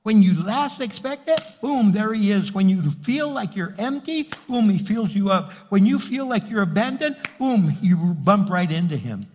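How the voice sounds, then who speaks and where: A man's voice: high-pitched, animated, normal speed, hardly any pauses, darkish tone. A man preaching a sermon as pastor, building emphasis and acting out quotes. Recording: reverberant hall.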